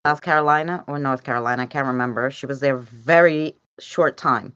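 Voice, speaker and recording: A woman's voice: rumbling low, a little fast, smooth, dry recording. Laughing, chatty woman on a dull call line. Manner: lively storyteller who laughs often. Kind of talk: casual chat on a livestream. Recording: dull lo-fi dry sound.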